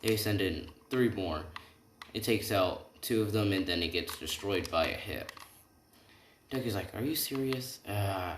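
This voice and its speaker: A man's voice: sits low, measured pace, roomy sound, a little hiss or hum. Rambling man telling a fan story. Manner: rambling, constant "right?" tags and self-corrections; casual, slangy. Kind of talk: improvised fan-fiction storytelling.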